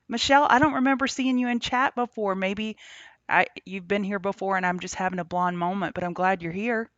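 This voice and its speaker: A woman's voice: mid-range voice, fairly even intonation, a little fast, fairly bright tone, dry recording. Woman hosting a trading stream, friendly chatter with chat, dry dull lo-fi sound. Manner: chatty, greets chat viewers by name. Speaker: trading show host. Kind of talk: casual livestream market commentary. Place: on the road, remote setup.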